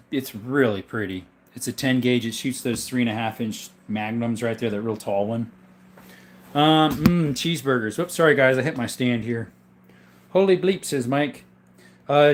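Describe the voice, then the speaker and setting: A man hosting a casual livestream, easygoing and rambling as he reads out chat names; he is sick and coughs now and then. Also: mid-range voice. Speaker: livestream host showing his gun collection.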